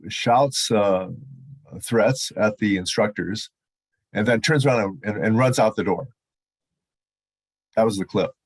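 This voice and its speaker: An older man with a low, slightly husky voice tells anecdotes in a halting way, full of fillers and restarts. The sound is dry and close, as on a video call. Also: no room sound. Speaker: retired judge, presenter. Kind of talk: storytelling in a webinar.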